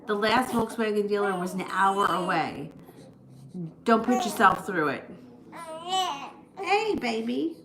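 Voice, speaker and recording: A woman's voice: medium pitch, a little slow, a crowd in the background. A woman giving a casual live tarot reading, chatty and prone to rambling asides. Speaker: tarot reader. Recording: echoey room.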